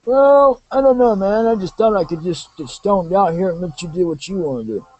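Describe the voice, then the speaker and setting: A man putting on a high goofy slacker alter ego. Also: moderate pace, no room sound, lo-fi sound. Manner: high, excited, clueless exclamations. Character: goofy slacker male alter ego, aimless, laid-back.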